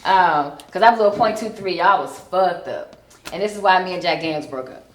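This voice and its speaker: A fortysomething comedian from Chicago works the stage of a comedy club in a lowish, fairly quick voice. Her stand-up is chatty and self-mocking, full of ums, and the club room is echoey.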